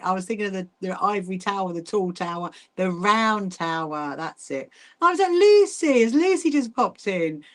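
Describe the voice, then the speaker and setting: Middle-aged woman, rambling livestream host, warm-voiced chatter over her hand sewing. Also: mid-range voice. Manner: chatty, rambling, many restarts and asides; greets viewers by name while hand sewing. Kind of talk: casual livestream chat.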